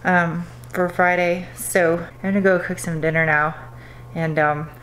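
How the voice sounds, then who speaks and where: A young woman with a fairly low voice chats to camera from her garage, self-mocking and quick to laugh. A faint hum sits behind her. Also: level tone, a bit bright, low-quality recording. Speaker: car vlogger. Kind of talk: casual vlog talk to camera. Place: home garage and driveway.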